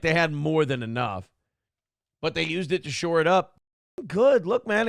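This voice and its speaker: A gravelly, fry-edged man in a dry, close-sounding space, ranting at his live chat. He is combative, boastful and profane, talking in a slightly raised register. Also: a little high, no room sound. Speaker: streamer and show host.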